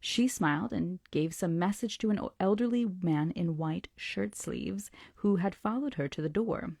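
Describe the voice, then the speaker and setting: A woman reading a classic novel aloud to her book club, slow and deliberate, slipping into soft whispers for effect. Her voice sits low and mellow, and the sound is dry and close. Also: creaky, no echo.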